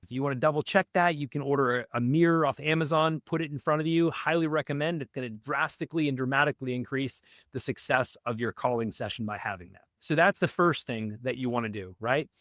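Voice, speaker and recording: Fast and with hardly any pauses, a man with a mid-range voice breaks down cold-calling step by step during a podcast interview. He's a real estate wholesaling guest, energetic and instructive, who checks in often with "right?". There's no echo, and it's studio quality.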